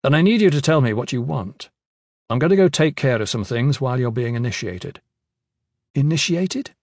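A man voicing a steady, wry adult male leader in an audiobook, speaking calmly and firmly. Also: medium pitch, moderate pace, dry recording. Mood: brisk. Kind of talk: audiobook character voice.

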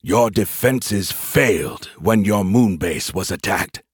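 A man's voice: lowish voice, animated, slow pace, husky, no echo, studio quality, heavily acted. A man voicing a proud alien male admiral in an audiobook, with a growling, heavy, defiant delivery. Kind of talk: audiobook character voice.

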